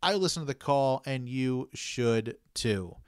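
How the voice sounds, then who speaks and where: A man hosting a podcast, laid-back in conversation and brisk when he reads the show's closing promos. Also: medium pitch, animated, clean tone, no room sound, studio quality. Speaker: podcast host. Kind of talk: casual chat and scripted outro.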